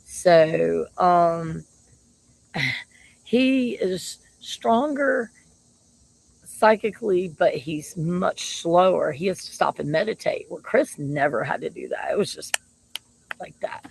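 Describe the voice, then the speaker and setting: A woman with a fairly low, gravelly voice speaks slowly in a dry, low-quality recording. She's a shaman chatting casually to camera about her partner, laughing often.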